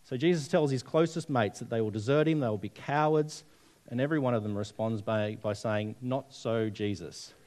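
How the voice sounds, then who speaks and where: A man's voice: mid-range voice, a little fast, a little mellow. Man preaching in a chatty way. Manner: storytelling, conversational, asks the audience questions. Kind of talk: sermon.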